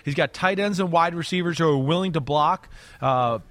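A man's voice: on the high side, normal speed, no room sound. A middle-aged man, a former player, co-hosting a sports podcast, talking football in a loose, rambling way. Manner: relaxed, rambling, fillers and "right?". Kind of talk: casual sports analysis chat.

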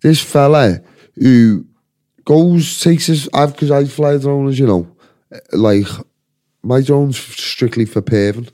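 Scouse podcast host, swears a lot, rambling rants, dark mellow voice. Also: male voice, mid-range voice, slow pace. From Liverpool, England. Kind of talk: casual chat.

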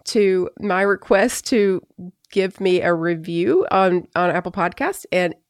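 A woman's voice: lowish voice, slow, no room sound. Chatty woman podcast host, dry mic. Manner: chatty, restarts often, laughs easily. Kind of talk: casual chat.

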